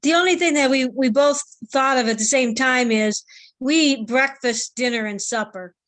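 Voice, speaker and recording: A woman joins a church study group discussion and explains things plainly and directly. Her voice is somewhat high, and the recording is dry and close. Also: moderate pace, a bit bright, dry recording.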